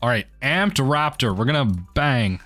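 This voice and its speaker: A man commentating his own card game match for a video, muttering quietly at times and then bursting into excited yells. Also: moderate pace, faint music behind. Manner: mutters low then erupts into excited yelling. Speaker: gaming video host.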